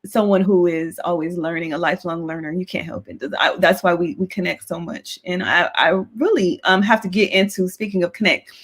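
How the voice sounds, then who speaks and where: A woman's voice: lowish voice, steady tone, a little fast, few pauses. Thoughtful woman hosting a chat. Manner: thoughtful, with many fillers. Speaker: host. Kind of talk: casual interview chat.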